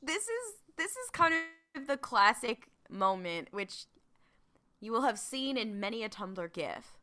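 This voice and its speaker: A woman co-hosting a casual rewatch podcast, talking in a bright, forceful voice set a little high. She is blunt and jokey and swears freely as she recaps a TV episode. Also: very animated, unhurried. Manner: blunt, profane, joking. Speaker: podcast co-host.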